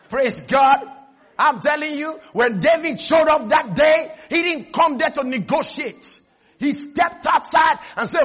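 A pastor preaching a lively sermon, acting out little dialogues and shouting to the congregation. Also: male voice, very high voice, a little slow. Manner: animated, acts out dialogues, shouts and laughs.

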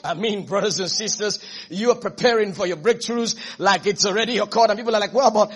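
A man preaching a sermon as pastor, emphatic and repetitive, now and then rising to shouts. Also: high voice, brisk, breathy edge.

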